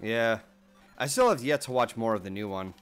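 A man's voice: medium pitch, expressive, moderate pace, clean tone, soft background music. Swearing young man streaming games. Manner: swears loudly at the game, self-mocking. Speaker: game streamer. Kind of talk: casual gaming stream chat.

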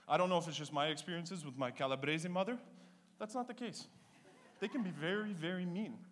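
A man, doing a stand-up comedy set with punchy, animated storytelling. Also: fairly high pitch, brisk. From Canada (Ontario).

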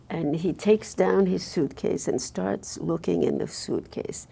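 An older woman from Belgium recalling her past in an oral history interview, halting with frequent restarts. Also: lowish voice, vocal fry, dark tone, slightly rough.

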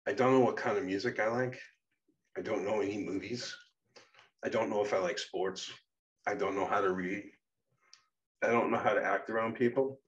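A man voicing a fifteen-year-old boy alter who speaks quietly, haltingly and near tears. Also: fairly low pitch, fairly even intonation, far from the mic, highs cut off, close to an everyday voice. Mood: lost. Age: fifteen as figure. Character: shaken teenage boy alter, lost and tearful.

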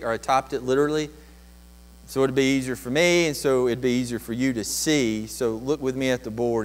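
A man preaching a Sunday sermon in an ordinary middle register. He swings from loud, soaring exhortation to hushed, slowed-down reflection. A low mains hum sits under the recording. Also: poor audio. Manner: impassioned preaching with swells of volume and pitch. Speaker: pastor.

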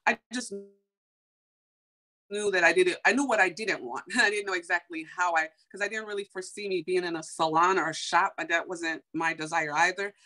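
A young woman from Chicago telling a personal story in a casual, animated way, full of fillers and acted-out quotes. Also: fairly low pitch, brisk. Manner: animated, heavy on fillers, acts out quoted dialogue.

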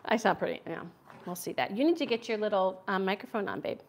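A woman's voice: medium pitch, lively intonation, quick pace. A middle-aged American woman hosting a casual cooking livestream from her home kitchen, chatting with viewers as she chops. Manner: chatty, answers viewer comments while cooking. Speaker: cooking channel host.

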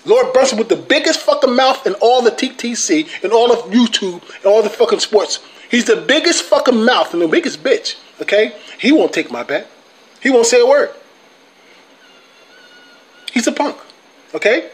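High-voiced man in a profane fan rant. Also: sing-song, moderate pace. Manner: profane, taunting, repetitive. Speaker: sports vlogger, Cowboys fan. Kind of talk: heated fan rant to camera.

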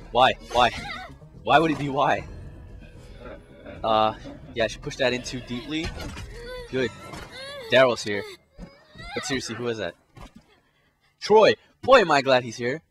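A man narrating his own playthrough of a video game, full of crude, blurted reactions. His voice is mid-pitched but swings widely up and down, over soft game music. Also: lively intonation, a little slow, pauses often. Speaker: gameplay commentator. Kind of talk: casual let's play commentary.

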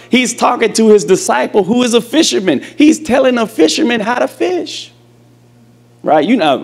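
A male preacher with a slightly raised, gravelly voice delivers an emphatic sermon. He tells his story with animation and throws questions straight at the congregation. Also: high-pitched, very animated, normal speed, a little mellow.

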